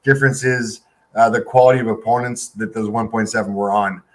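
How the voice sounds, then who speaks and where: A man's voice: fairly low pitch, fairly even intonation. A man co-hosting a casual show about fight predictions, reading out stats bluntly and cockily. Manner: reads stats off quickly, blunt and cocky. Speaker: co-host picking fights. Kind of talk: casual chat.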